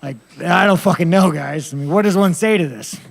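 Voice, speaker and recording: A man with a high, brisk voice and some vocal fry responds to the press after a fight. He rambles bluntly, swearing all the time and chuckling at himself.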